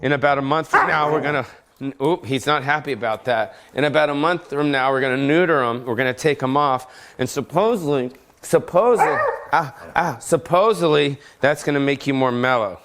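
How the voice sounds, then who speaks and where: Recorded with a little hiss or hum, a mid-range, slightly bright male voice moves at a brisk pace. The speaker, a comedian hosting his own podcast, delivers a profane, jokey, rambling rant off the cuff from home.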